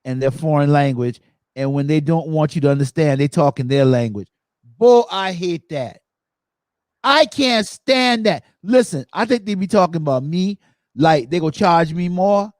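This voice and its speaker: A man hosting a podcast, telling stories in a lively way and acting out the quotes. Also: fairly high pitch, no echo, studio quality. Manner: animated storytelling, acts out quotes. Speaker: podcast host. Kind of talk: casual chat.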